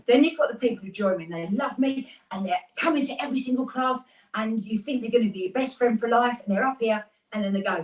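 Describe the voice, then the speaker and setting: A British woman in her thirties, a fitness instructor, chats upbeat through a live workout class with rambling asides. Her voice is on the high side and fast, and the sound is roomy with the mic at a distance.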